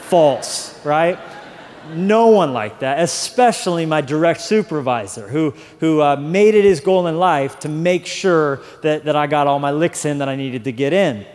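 Male pastor, young adult, slightly high voice; rambling storyteller who builds to fervent preaching; big reverberant hall. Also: moderate pace, hardly any pauses, darkish tone. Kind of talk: sermon with personal story.

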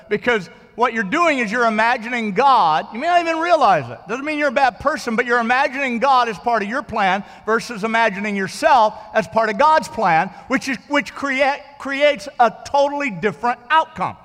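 Male pastor, very high and bright voice, conversational sermon that keeps checking in with the congregation. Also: expressive, brisk, few pauses, long reverb tail. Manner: conversational, repeats words and checks in with listeners.

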